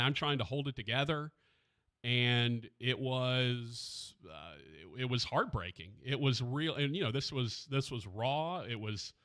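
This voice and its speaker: A man hosting a sports radio show, talking haltingly and with grief, searching for his words, close to a studio mic. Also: medium pitch, sharp tone. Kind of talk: emotional radio talk. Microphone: studio microphone.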